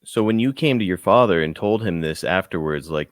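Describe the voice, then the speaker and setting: He is a podcast co-host with a very low, deep voice, recorded dry and close. He asks relaxed, curious follow-up questions in a casual interview style. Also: normal speed, no room sound. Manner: curious, laid-back questioner.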